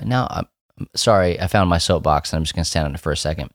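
A man's voice: rumbling low, quick pace, dry recording, studio quality. A man co-hosting a podcast who chats in a joking, wry way. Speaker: podcast co-host. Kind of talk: casual chat.

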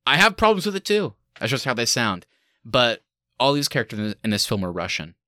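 A man's voice: mid-range voice, very animated, brisk, bright, forceful tone, no echo. Man, podcast co-host, sarcastic joking delivery, casual chat, dry close sound. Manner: sarcastic mock award speeches, laughing often. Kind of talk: casual movie review chat.

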